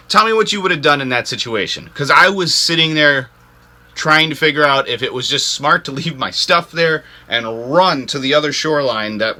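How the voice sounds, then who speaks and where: A man hosting an outdoors channel, telling a story to camera in a rambling, animated way, full of "like" fillers. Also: medium pitch. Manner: rambling, animated, heavy use of "like". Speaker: ice fishing channel host.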